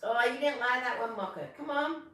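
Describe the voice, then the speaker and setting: A woman's voice: high voice, a little fast, recorded from a distance, crowd noise. Woman live-stream host, chatty and self-mocking, slightly under the weather, voice echoing from off mic. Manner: chatty, self-deprecating, tells corny jokes. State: a little sick. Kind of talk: casual live stream chat. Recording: echoey room, away from the mic.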